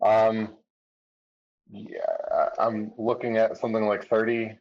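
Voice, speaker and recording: A man's voice: fairly low pitch, monotone, a little slow, darkish tone. A man playing a tabletop game, talking casually and hesitantly with many fillers. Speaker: player. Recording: dull lo-fi mic.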